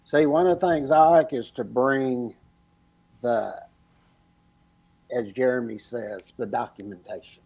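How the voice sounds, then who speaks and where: A man's voice: mid-range voice, unhurried, vocal fry, long pauses, darkish tone, husky. A man co-hosting a podcast, talking casually and ranting indignantly about double standards. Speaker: podcast co-host.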